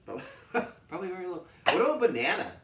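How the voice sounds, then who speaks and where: A man's voice: sits high, very animated, fast, echoey room, distant mic, noisy background. A man co-hosting a whisky tasting, talking casually and jokingly with lots of filler words. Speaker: whisky reviewer, co-host.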